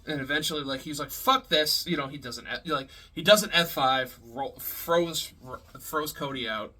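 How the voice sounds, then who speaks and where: Bright-voiced profane man rambling. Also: medium pitch, normal speed. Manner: rambling, profane, frequent fillers and laughs. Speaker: wrestling reviewer. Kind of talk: casual spoken review.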